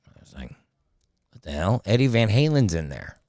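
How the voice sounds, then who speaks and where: A man in his fifties, a guest comedian and voice actor, telling animated, profane anecdotes in casual chat, acting out the people he quotes, on a close studio mic. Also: on the low side, normal speed, dry recording. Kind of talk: casual storytelling. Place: podcast studio.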